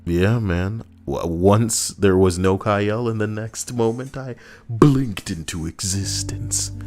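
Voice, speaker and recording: A man's voice: lowish voice, slow. A man streaming casually, reading stories aloud and joking sarcastically with his chat. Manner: animated, sarcastic, jokes with chat. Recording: soft background music.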